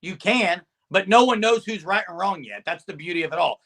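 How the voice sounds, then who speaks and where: A man co-hosting a casual sports talk stream, loud and emphatic, sometimes yelling. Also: high voice, lively intonation, fairly quick. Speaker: co-host.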